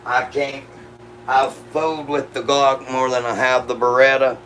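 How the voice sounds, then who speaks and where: A man's voice: mid-range voice, level tone, a little slow, fairly bright tone, a little hiss or hum, rough recording. A man hosting a gun channel, answering live chat questions in a laid-back, profane, drawling way. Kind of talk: casual livestream chat.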